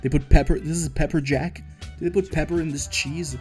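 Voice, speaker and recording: A man's voice: a little high, fairly even intonation, fairly quick, faint music behind. A man giving comedic reaction commentary, ranting sarcastically and swearing freely. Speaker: reaction video host.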